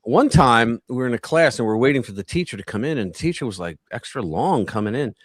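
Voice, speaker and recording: A man's voice: medium pitch, fast, no room sound, clean studio sound. A man co-hosting a live stream, telling a story in a casual chat and acting out the quoted voices. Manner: animated, acts out quoted voices. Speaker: co-host.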